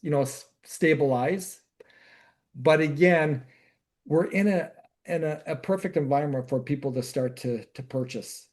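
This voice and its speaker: A man's voice: on the high side, measured pace, darkish tone. A man co-hosting a real estate podcast, explaining the market steadily and asking rhetorical questions. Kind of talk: casual podcast chat.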